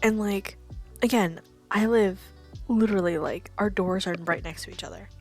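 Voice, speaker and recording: A woman's voice: medium pitch, moderate pace, faint music behind. A woman streaming, telling stories in a casual, chatty way, laughing often and swearing. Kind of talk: casual stream chat, storytelling.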